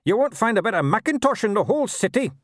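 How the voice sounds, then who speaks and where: A man's voice: sits high, sing-song, quick pace, no room sound, clean studio sound, pitched above the performer's own voice. A man voicing a tiny, nasty gnome. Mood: gleeful. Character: tiny nasty loud male gnome constable.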